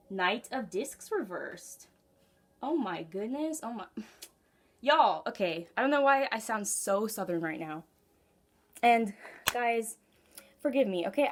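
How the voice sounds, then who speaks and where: A woman's voice: a little high, a bit bright. A woman giving a casual tarot reading at home, chatty and giggly, talking straight to her viewers. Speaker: tarot reader. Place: home room.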